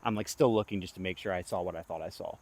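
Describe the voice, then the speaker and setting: A man's voice: deep voice, fast talker, darkish tone. A young man films himself outdoors and talks through every throw. His running commentary swings between hyped pleading and groaning, with insects chirping in the background. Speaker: disc golf vlogger. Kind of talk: self-filmed play-by-play commentary. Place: outdoor disc golf course.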